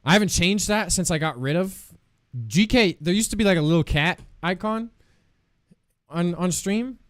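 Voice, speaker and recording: A man's voice: high-pitched, moderate pace, no room sound, studio quality. A man streaming live, chatting casually with viewers in a playful, joking way, laughing often and swearing freely.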